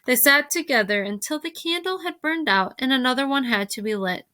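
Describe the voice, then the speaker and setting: A woman teacher reading a novel aloud to her class, expressive, pausing to ask questions. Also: high voice.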